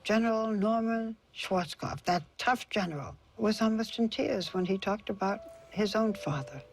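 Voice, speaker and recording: A woman hosting a TV interview special, asking gentle, probing questions and narrating between clips. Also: mid-range voice, moderate pace, soft background music. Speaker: TV interviewer and host.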